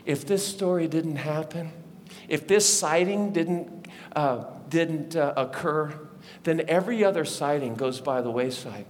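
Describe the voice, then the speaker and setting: A man preaching a sermon as a pastor, telling the story in a lively way and acting out the voices of the people in it. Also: on the high side, unhurried, a little hiss or hum. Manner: animated storytelling, acts out voices of disciples. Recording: long reverb of a large hall.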